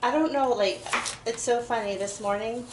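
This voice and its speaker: A woman's voice: fairly high pitch, moderate pace, background noise. A young woman chatting casually while baking in her home kitchen, rambling and giggly. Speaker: vlogger. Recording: echoey kitchen with clatter. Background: chopping and clinking dishes.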